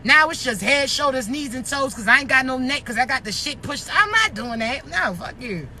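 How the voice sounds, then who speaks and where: A thirties-aged vlogger stands outside by traffic, ranting bluntly into the camera with swearing and rhetorical questions while slightly winded. She speaks in a high-pitched, animated, bright and forceful voice at a moderate pace.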